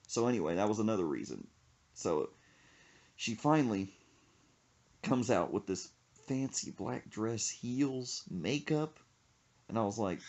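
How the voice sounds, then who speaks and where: A young man hosting a podcast, telling a comic story in a casual, animated way. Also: fairly low pitch, a little slow, dull audio. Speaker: podcast host.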